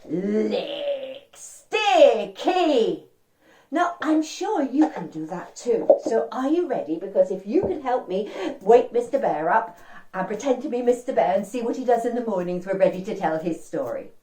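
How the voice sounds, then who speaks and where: A woman's voice: mid-range voice, sing-song, normal speed, warm tone. A woman telling an interactive story to children, speaking directly to young listeners and inviting them to join in. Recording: roomy and distant.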